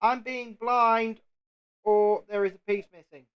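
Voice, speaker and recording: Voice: mid-range voice, steady tone, slow, highs cut off, a little hiss or hum. A speaker with a Southern English home counties accent, hosting a live stream and chatting casually while building, often repeating words. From England, home counties. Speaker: livestream host.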